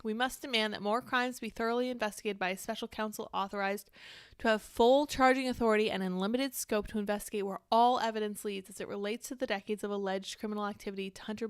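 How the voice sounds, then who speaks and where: Smooth-voiced sarcastic woman commentator. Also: medium pitch, dry recording, clean studio sound. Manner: candid, sarcastic, quick to react and digress. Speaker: political commentary host. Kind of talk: casual political commentary, reading news aloud.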